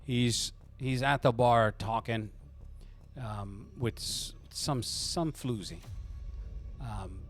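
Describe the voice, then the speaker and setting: A man's voice: mid-range voice, takes it slowly, faint music behind. A man narrating as game master of a tabletop game, rambling with frequent restarts.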